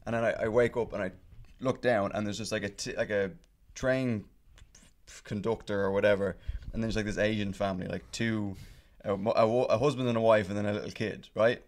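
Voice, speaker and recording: A man's voice: on the low side, steady tone, fairly quick. A man on a casual podcast chat, telling a long story in a rambling, profane way full of fillers and restarts. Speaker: podcast guest telling stories.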